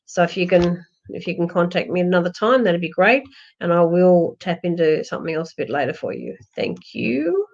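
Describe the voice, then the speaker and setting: A woman's voice: on the low side, sing-song, normal speed. Reassuring woman psychic, lo-fi stream. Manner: reassuring, rambling with many fillers and restarts. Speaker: psychic medium. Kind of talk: live-streamed psychic readings. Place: home, during a lockdown. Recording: dull lo-fi livestream audio.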